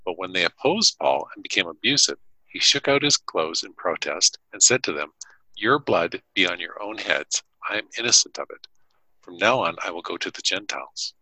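Low-voiced man, husky, very bright tone, lively intonation, jokey scripture reading. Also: dry recording, poor audio. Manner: jokey, reads passages aloud. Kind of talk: casual Bible study chat with scripture reading.

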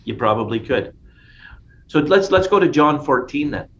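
A man's voice: a little high, lively intonation, moderate pace, a bit bright. A man teaching a casual Bible study in an enthusiastic, conversational way, often restarting his sentences. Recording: dull lo-fi sound with faint noise.

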